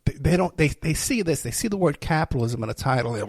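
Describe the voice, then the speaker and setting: Gravelly man ranting as show host. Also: medium pitch, fairly quick, hardly any pauses, darkish tone, dry recording. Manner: rambling, sarcastic, self-mocking. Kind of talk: casual ranting monologue.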